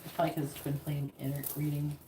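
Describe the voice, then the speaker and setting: A woman's voice: sits low, completely flat delivery, quick pace, echoey room, background noise. A woman giving a casual live-stream tarot reading, chatty and rambling, talking straight to her viewers. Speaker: psychic reader on a live stream.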